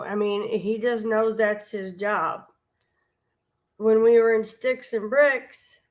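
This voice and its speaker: A woman hosting a live stream, chatting casually in a rambling, homespun way with many asides. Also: medium pitch. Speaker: vlogger and live stream host. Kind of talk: casual storytelling chat.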